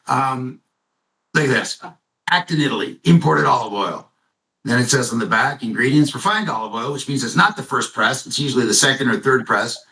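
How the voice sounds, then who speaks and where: A man delivers a loose, animated business pitch with jokes and side stories. His voice sits in a middle range. He sounds roomy and set back from the microphone. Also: moderate pace. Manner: animated, jokey storyteller. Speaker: company presenter. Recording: echoey room, mic at a distance.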